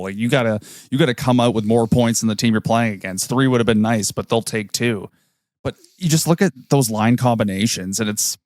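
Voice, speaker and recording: A man co-hosting a hockey podcast, talking in an animated, excitable way with some swearing. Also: medium pitch, no room sound. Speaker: podcast co-host. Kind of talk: casual hockey chat.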